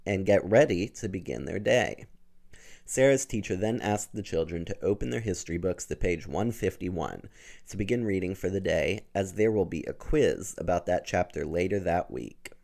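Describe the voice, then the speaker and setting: Sarcastic man with a gravelly low voice. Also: darkish tone. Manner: sarcastic, profane. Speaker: reviewer. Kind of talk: reading a novel aloud with mocking commentary.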